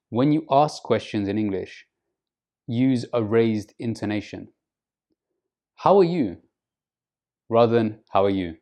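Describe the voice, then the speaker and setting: A man's voice: on the low side, dark tone. Man teaching, acting out intonation. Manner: slow, deliberate teaching, models phrases with exaggerated intonation. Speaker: English teacher. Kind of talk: online English lesson.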